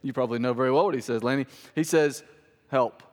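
A man's voice: medium pitch, rapid-fire, darkish tone. A man pastor giving a sermon in a church, casual and joking with the congregation. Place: church sanctuary. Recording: hall reverb.

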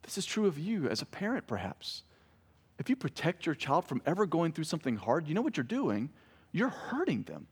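A man's voice: fairly high pitch, wildly swooping pitch, a little fast, slightly rough. A man in his thirties preaching a sermon as a pastor, conversational, telling family stories and joking with the congregation. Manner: conversational preaching with family anecdotes and self-corrected jokes.

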